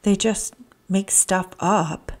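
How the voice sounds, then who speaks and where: A woman's voice: medium pitch, steady tone, slow pace, close to an everyday voice. Woman doing a sneering, scornful caterpillar.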